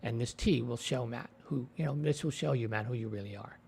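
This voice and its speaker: A man's voice: medium pitch, a little fast, gravelly, darkish tone, a little hiss or hum. A man giving a casual spoken review of a TV episode, retelling scenes in a rambling way with lots of fillers, into his own desk microphone. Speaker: TV show reviewer.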